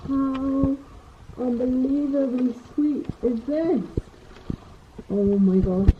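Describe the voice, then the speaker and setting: Bubbly British woman, fairly high voice. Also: slow, long pauses, a little mellow, a little hiss or hum. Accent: British English. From Britain. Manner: bubbly, gushing, chatty tour-guide talk. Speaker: vlogger. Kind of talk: travel vlog chat.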